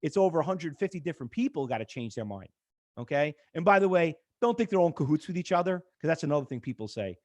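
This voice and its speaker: A man's voice: on the high side, quick pace. A middle-aged man teaching a live trading class over a chart on screen, telling stories and acting out quoted exchanges. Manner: animated, storytelling, acts out quoted exchanges. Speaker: trading instructor.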